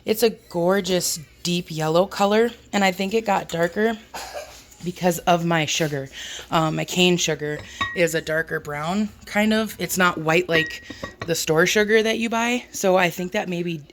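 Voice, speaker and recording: A woman's voice: a little slow, slight background noise. A woman chatting casually in her home kitchen as a homestead vlogger, talking while she works and joking about herself. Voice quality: squeaky. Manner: chatty, self-deprecating, talks while working.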